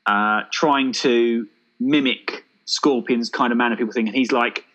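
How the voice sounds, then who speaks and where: A man, co-hosting a casual chat, pitching a made-up action film with jokey enthusiasm. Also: fairly even intonation, measured pace, a bit bright, highs cut off. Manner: enthusiastic, jokey, thinks aloud with fillers. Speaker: podcast co-host.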